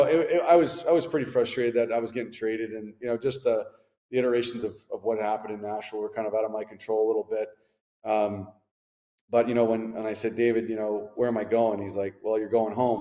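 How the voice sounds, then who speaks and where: Ex-athlete guest, 30s, low voice, casual storyteller; echoey room with long reverb. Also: male voice, fast talker. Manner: laid-back, animated anecdotes with slangy asides. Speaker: former hockey player, interview guest.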